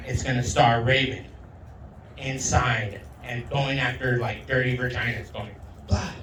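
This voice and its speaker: A male comedian doing a crude, rowdy stand-up set, slipping into Spanish and loud put-on voices. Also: mid-range voice, fairly even intonation, measured pace, slight background noise. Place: outdoor backyard show. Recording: roomy sound from a distant mic.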